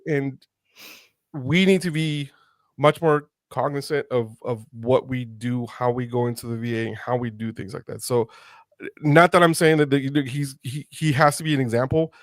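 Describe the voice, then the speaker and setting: A man hosting an interview podcast, talking earnestly and haltingly with many restarts. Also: mid-range voice, no room sound, studio quality. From United States. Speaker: podcast host. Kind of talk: conversational interview.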